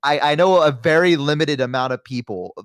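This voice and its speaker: A man's voice: fairly high pitch, brisk, dry recording, studio quality. A man chatting casually on a stream, telling stories and acting out the people in them. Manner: animated storytelling, acts out quotes. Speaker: guest streamer.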